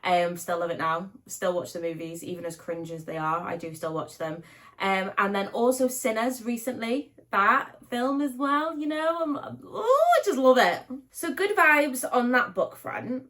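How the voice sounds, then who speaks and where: A woman's voice: mid-range voice, normal speed, pushed and bright. Bubbly young British woman vlogging. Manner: bubbly and gushing, many likes and ums. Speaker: book vlogger. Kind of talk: casual chatty vlog. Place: at home.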